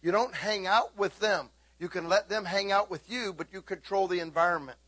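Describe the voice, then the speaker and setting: A middle-aged man preaching a sermon as a pastor. He tells stories with lively energy, breaks into sudden high shouts, and keeps checking in with his listeners. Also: normal speed. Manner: animated storytelling, sudden high shouting bursts.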